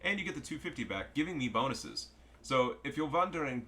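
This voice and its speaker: A man's voice: medium pitch, big pitch swings, a little fast, bright, forceful tone, a little hiss or hum. A man giving casual, joking and profane commentary over a strategy game match. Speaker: gameplay commentator.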